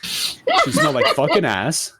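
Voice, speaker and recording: Profane, animated young man ranting. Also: on the high side, unhurried, over a noisy crowd. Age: 20s. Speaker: podcast co-host. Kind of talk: casual storytelling chat.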